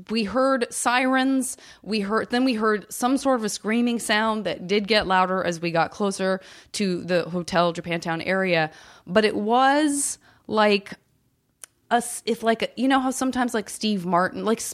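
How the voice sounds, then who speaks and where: A woman's voice: medium pitch, unhurried. A female comedian guest in casual podcast chat, telling a story with hesitant, self-interrupting starts.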